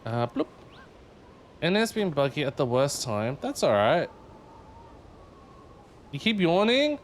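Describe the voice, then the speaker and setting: A man's voice: fairly high pitch, sing-song, slow, long pauses, a little hiss or hum. A man streaming a game live, chatting casually and playfully with viewers and humming tunes between remarks. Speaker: livestreamer.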